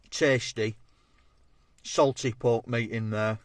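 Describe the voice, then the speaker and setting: A man's voice: medium pitch, measured pace, no echo. Chatty man reviewing food. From England. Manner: chatty, matey, talks between bites. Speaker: food vlogger. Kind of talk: casual food review vlog.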